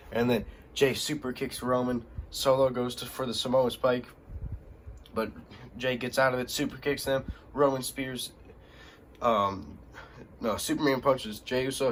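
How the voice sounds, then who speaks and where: A man hosting a wrestling vlog, recapping a show in a rambling, excitable way full of ums and likes. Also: mid-range voice, slight background noise. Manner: rambling, filler-heavy, excitable.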